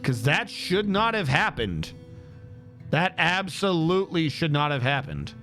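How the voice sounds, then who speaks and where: A man's voice: fairly high pitch, sing-song, a little slow, over music. A man streaming a game, thinking aloud on a headset as he troubleshoots. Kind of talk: casual gameplay commentary.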